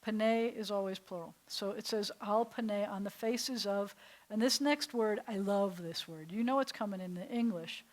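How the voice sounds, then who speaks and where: In a low-quality recording, a woman rabbi with a mid-range voice and moderate pace teaches an adult Hebrew class. Warm and playful, she savors each word and occasionally lowers to a soft whisper for effect.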